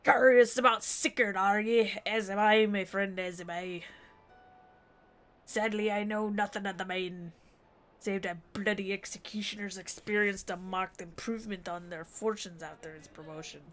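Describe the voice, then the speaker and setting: A woman's voice: medium pitch, fairly even intonation, moderate pace, a bit bright, close to an everyday voice. A woman voicing a swaggering pirate captain in a theatrical, attempted Scottish pirate accent.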